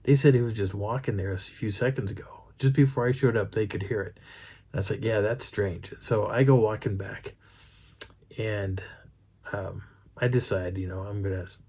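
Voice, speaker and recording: A middle-aged man tells his story in a casual, rambling first person, circling back and restarting as he goes. His voice sits a little low with a husky edge. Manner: rambling, animated retelling with many restarts. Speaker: Bigfoot researcher telling a field story.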